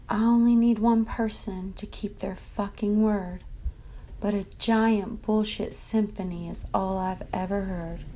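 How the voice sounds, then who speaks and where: A woman reciting a spoken-word poem with a slow, flat, despairing delivery. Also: medium pitch, low-quality recording.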